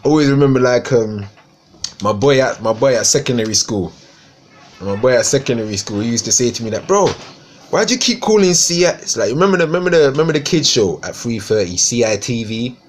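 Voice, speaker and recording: A man's voice: medium pitch, animated, a little fast, a little hiss or hum. A man from East London with a Cockney accent, chatting casually and swearing a lot on a live stream. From East London, England. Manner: rambling, swearing, slangy.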